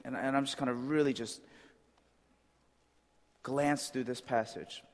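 A man's voice: mid-range voice, fairly even intonation, measured pace. A man preaching a conversational sermon as a pastor, often checking in with "right?". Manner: conversational, with frequent "right?" asides. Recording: long reverb of a large hall.

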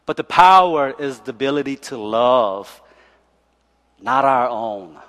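Chatty storytelling pastor in echoey church. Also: male voice, medium pitch, animated, takes it slowly, a bit bright. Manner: chatty storytelling, laughs often, keeps asking "right?". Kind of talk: sermon.

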